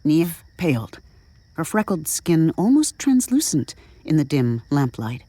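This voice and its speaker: A woman narrating an audio drama in a measured, even storytelling manner. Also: low-pitched, no room sound.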